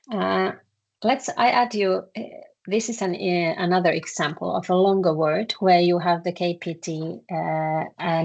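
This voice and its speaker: A woman with a Finnish accent, her voice fairly low and creaky, runs a language lesson, faltering as she explains, with frequent filler sounds and repeated words.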